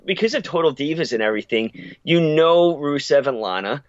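A man's voice: a little high, animated, moderate pace, no echo. An opinionated man co-hosts a casual podcast and talks in long, rambling takes. His voice is dry and a little dull, as if from a lo-fi mic. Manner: opinionated, rambling, restarts often. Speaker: podcast co-host. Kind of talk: casual wrestling chat.

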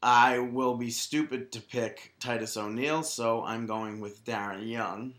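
A man co-hosting a casual wrestling podcast, joking and teasing his co-host and quick to argue a point. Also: medium pitch, fairly even intonation, fairly bright tone, roomy sound. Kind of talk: casual chat about wrestling.

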